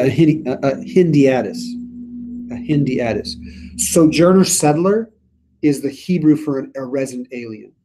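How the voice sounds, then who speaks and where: A man's voice: medium pitch, mellow, breathy edge. A man leading a church Bible study, reading scripture aloud and then paraphrasing it earnestly in his own words. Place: church meeting room.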